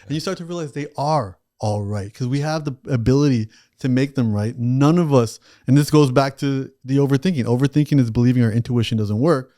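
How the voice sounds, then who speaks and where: A man with a mellow, warm tone who appears as a podcast guest and author. He speaks reflectively at a middle pitch and builds his points with stories and analogies. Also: a little fast, hardly any pauses. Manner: reflective storyteller who uses examples and analogies. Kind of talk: podcast conversation.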